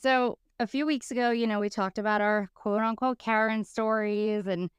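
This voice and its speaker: A woman in her thirties, co-hosting a podcast, telling stories in a lively, casual way and acting out the people she quotes. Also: a little high, moderate pace, clear, resonant tone, dry recording. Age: 30s. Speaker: podcast co-host.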